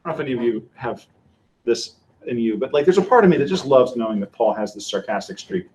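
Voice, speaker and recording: A man giving a church teaching lecture in a conversational, animated way, acting out the quotes he tells. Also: medium pitch, quick pace, slight background noise. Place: lecture room with a live audience. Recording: echoey room.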